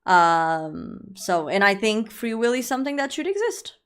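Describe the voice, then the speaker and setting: A woman's voice: a little high, very animated, unhurried, clear, resonant tone. A young woman livestreaming, chatting casually with viewers in a rambling way, full of fillers and restarts.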